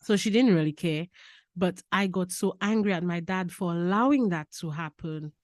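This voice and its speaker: A woman from Lucia, a podcast guest telling personal stories in a lively way, laughing and repeating key phrases. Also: on the low side, normal speed, dry recording, clean studio sound. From Saint Lucia. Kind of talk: casual personal storytelling.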